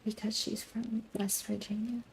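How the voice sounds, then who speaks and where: A young woman streamer from the American South chatting sleepily, often dropping into a soft half-whisper. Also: medium pitch, level tone, moderate pace, vocal fry, a little hiss or hum. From Southern United States. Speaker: VTuber streamer. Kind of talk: sleepy late-night stream chat.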